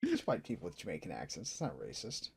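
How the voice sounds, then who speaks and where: A man's voice: sits low, huge pitch swings, fast talker, creaky, breathy edge. A man playing a tabletop game, teasing the others in mock-serious banter. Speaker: player.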